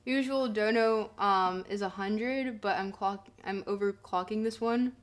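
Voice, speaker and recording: A woman's voice: mid-range voice, measured pace. A young woman streaming live, chatting casually, bubbly and giggly as she gushes thanks to her viewers. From Canada.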